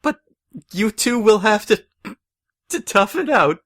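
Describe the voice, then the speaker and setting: A man's voice: high-pitched, animated, slow pace, fairly bright tone, voice pushed up, exaggerated voice. A man doing a giggly, sly pony mayor. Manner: giggly, falsely sympathetic.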